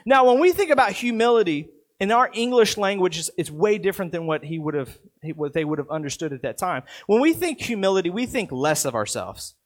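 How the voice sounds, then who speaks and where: A man's voice: high voice, animated, fairly quick. A man in his thirties preaching a sermon in an earnest, conversational way, with a lot of repetition. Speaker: pastor.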